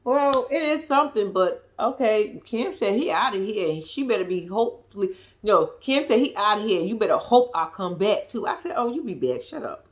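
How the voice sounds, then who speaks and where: Woman host, casual recap vlog, blunt and profane, animated, mid-pitched voice, swings from loud to hushed. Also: normal speed. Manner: blunt, profane, animated, drops to a hush at times.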